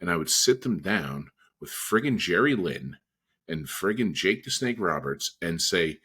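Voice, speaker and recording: Very deep husky man, blunt. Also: lively intonation, measured pace, a bit bright. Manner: blunt, colloquial. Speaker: podcast co-host. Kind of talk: casual chat.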